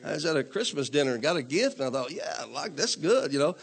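In this church recording, a man with a fairly high, sing-song, creaky voice talks fast as he preaches. He urges the congregation to say amen in call-and-response style, repeating himself emphatically and building to louder declarations.

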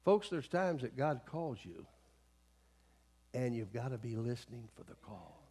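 A man's voice: mid-range voice, sing-song, a little slow, dark tone, husky. A middle-aged male pastor preaching a sermon in a folksy way, with many asides and calls to the congregation.

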